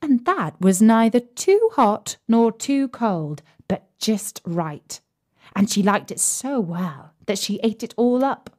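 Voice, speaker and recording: A woman reading fairy tales aloud slowly and clearly for English learners, deliberate and sometimes dropping soft. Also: on the high side, very animated. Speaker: storyteller.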